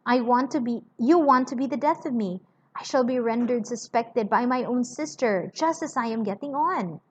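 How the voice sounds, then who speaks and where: A woman's voice: fairly high pitch, normal speed, slight background noise, lightly acted. A woman reading aloud as a petulant, self-serving man who complains in a self-pitying way, on a slightly muffled lo-fi recording.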